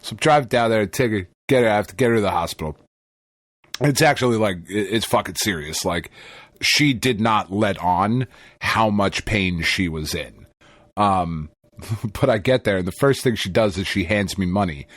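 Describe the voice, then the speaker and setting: Animated, profane male podcast storyteller. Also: fairly low pitch, moderate pace, dry recording. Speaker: podcast co-host. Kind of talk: casual chat.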